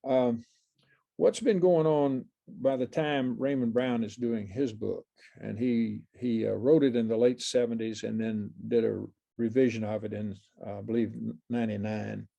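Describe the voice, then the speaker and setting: Older male Bible class teacher, gravelly, meandering and chuckly. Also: mid-range voice, steady tone, moderate pace, dark tone, muffled recording. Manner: rambling, many fillers and restarts, chuckles often. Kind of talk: informal Bible class lecture.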